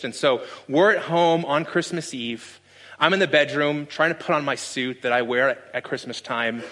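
A pastor in his thirties preaches in a bright, forceful voice pitched a little high. He tells stories earnestly and slips in dry sarcasm now and then. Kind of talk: sermon.

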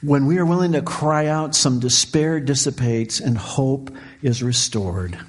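A middle-aged man preaching a sermon as pastor, swinging from quiet, low passages to fervent, raised cries. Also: unhurried.

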